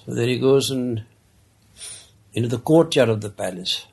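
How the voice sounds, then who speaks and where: A man with a deeply gravelly, husky voice tells a parable at an easy pace. His delivery is conversational and loose, full of asides. His pitch sits in a middle range. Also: animated, a little mellow. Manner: unhurried, conversational, many asides. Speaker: storyteller. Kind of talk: casual spoken storytelling of a parable.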